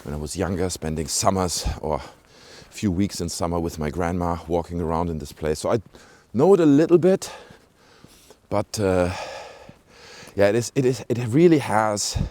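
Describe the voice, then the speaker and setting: Low, dark-voiced man vlogging outdoors. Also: animated, moderate pace, no echo. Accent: British-sounding English. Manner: rambling, chatty, many fillers and asides to viewers. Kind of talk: casual walking vlog commentary. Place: outdoors in a small rural village. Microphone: handheld camera mic while walking.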